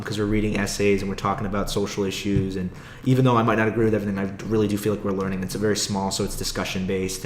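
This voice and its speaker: A young man talks through a casual solo podcast in a lowish voice, rambling from one thought to the next. He swears freely and laughs often, and his voice rings in a roomy space over a faint background hiss. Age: young adult. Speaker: podcast host. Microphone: own podcast mic.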